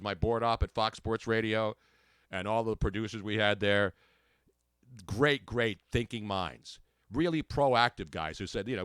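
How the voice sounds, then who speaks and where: A man's voice: mid-range voice, no echo. A middle-aged man hosting a talk radio show, joking and telling brash stories in casual on-air banter. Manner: brash, joking, animated storyteller.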